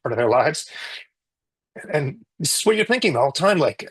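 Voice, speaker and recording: A middle-aged man, a physician, giving an emotional personal account in an interview, halting with many restarts. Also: mid-range voice, a bit bright, breathy edge, poor audio.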